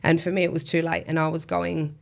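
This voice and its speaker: A woman's voice: low-pitched, flat delivery, a little fast, vocal fry. A woman guest telling a personal story in a casual interview, chatty with lots of fillers and self-deprecating laughs.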